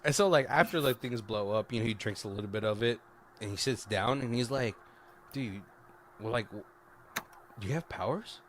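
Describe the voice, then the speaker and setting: A man's voice: on the low side, moderate pace, long pauses, slight background noise. A man co-hosting a casual movie review podcast, swearing freely and laughing as he retells scenes. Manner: profane, laughing, retells scenes doing quoted lines. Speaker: podcast co-host.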